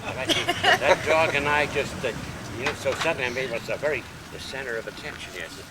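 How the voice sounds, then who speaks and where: An older man telling a long, animated anecdote during a casual home visit. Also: medium pitch, quick pace. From United States. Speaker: storyteller. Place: house in a city neighborhood. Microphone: camcorder mic. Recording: noisy home video with street sounds.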